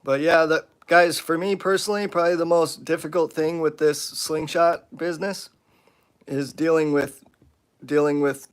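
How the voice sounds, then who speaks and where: A man hosting his own live stream, selling slingshots and venting about a customer in casual, animated, slangy talk. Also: a little high, normal speed, smooth. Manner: animated, aggravated storytelling with lots of "dude" and "bro".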